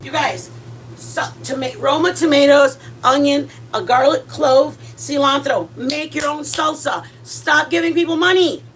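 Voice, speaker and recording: A woman chats her way through a home cooking video in a fairly high voice, rambling with plenty of fillers and restarts and slipping in Spanish words. She talks from her kitchen. A faint background noise sits under her voice. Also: unhurried, fairly bright tone. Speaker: cooking vlog host. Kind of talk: casual cooking chat.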